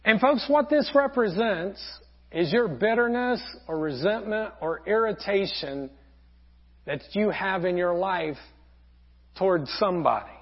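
A man preaching a sermon as pastor, telling a parable earnestly with frequent pauses. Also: sits high, animated. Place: church sanctuary. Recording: dull lo-fi sound.

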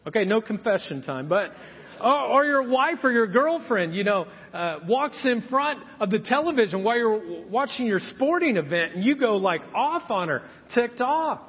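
A man's voice: high voice, normal speed, slightly rough. A man in his fifties preaching a sermon in a church, telling stories and acting out what people said. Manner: animated storytelling, acting out quotes. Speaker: pastor. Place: church sanctuary. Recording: muffled sound in a reverberant church hall.

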